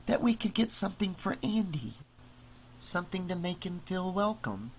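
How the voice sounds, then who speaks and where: A man voicing a young wife who speaks softly and teases her husband gently. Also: sits high, very animated, normal speed, slight background noise, pitched above the performer's own voice. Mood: affectionate. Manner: soft, raised, gently teasing. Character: warm young wife, crafty and affectionate.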